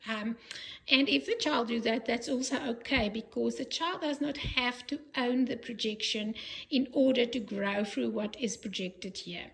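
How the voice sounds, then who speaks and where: A woman play therapist demonstrating sand tray therapy, explaining gently with frequent pauses and fillers. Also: fairly high pitch, vocal fry, rough recording. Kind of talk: instructional demonstration.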